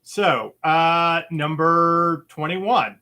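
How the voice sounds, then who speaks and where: A man's voice: on the high side, very slow, pushed and bright. A man hosting a casual podcast movie quiz, upbeat and chatty, laughing easily. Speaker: quiz host.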